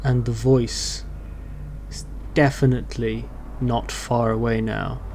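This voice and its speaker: A man narrating as dungeon master in an online tabletop game, describing scenes in a measured way. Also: medium pitch, level tone, a little mellow, slight background noise. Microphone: online voice call.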